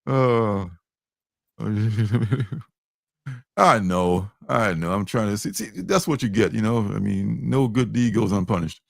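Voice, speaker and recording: A man's voice: on the low side, measured pace, vocal fry, no echo, studio quality. A man hosting a comic book livestream, chatting casually, joking and rambling with frequent chuckles. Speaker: livestream host.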